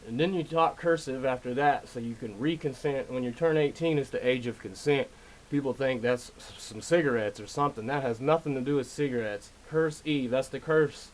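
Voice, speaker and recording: A man talking straight to his audience in a loose, rambling monologue. His pitch sits in the middle, and he keeps pressing his points, filling gaps with "you know", throat-clearing and short chuckles. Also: low-quality recording. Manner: rambling, insistent, often says "you know". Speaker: video lecturer. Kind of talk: casual monologue.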